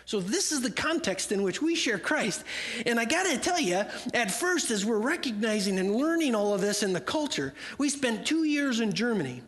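A man's voice: very high voice, sing-song, moderate pace, a bit bright. Conversational man preaching in an echoing hall. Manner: conversational, plays out imagined dialogue. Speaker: missionary speaker. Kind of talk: church talk with acted-out quotes. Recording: long hall reverb.

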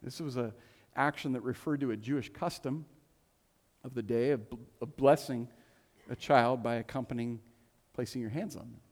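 A man's voice: medium pitch, moderate pace, darkish tone. A man preaching a sermon as a pastor in a church, conversational and joking, with playful asides. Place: church sanctuary. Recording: long reverb of a church hall.

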